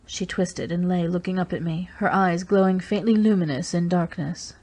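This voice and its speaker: Husky woman narrating an audiobook. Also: fairly low pitch, steady tone, moderate pace, few pauses, a little mellow. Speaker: audiobook reader. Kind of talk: scripted first-person narration.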